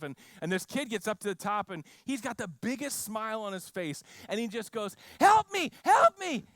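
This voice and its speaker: A man preaching a sermon, telling a mission story with frequent restarts and lively quoted voices. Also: high-pitched, clean tone, no room sound. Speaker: pastor.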